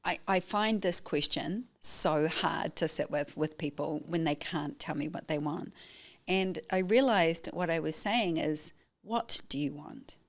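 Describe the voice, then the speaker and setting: A woman's voice: deep voice, unhurried. A middle-aged woman, a guest on a podcast interview, telling her story emphatically and acting out what she said to people. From New Zealand. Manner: emphatic, animated storytelling with acted-out quotes. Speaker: guest, photographer and educator.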